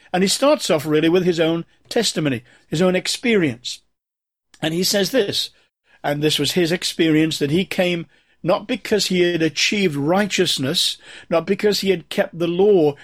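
A man preaching a sermon, explaining scripture and reading passages aloud in a measured, emphatic way. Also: fairly high pitch.

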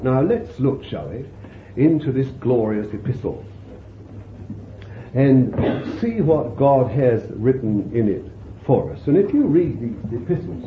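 A man delivers a sermon slowly and unhurriedly, his pitch rising and falling freely as he muses over his text, with warm chuckles along the way. The recording sounds thin and tinny like a phone, with a roomy echo and faint hiss.

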